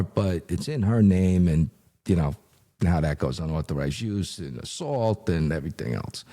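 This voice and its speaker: A middle-aged man with a low, dark and husky voice tells a story from his working years. His talk is casual and animated, full of fillers. He acts out the lines of the people in the story. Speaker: retired investigator, guest.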